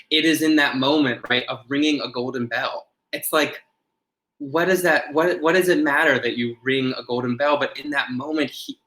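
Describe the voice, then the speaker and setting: A man's voice: mid-range voice, a bit bright, rough recording. A man who is a podcast guest, earnestly explaining ideas and often restarting his phrases. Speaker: podcast guest, ritual designer.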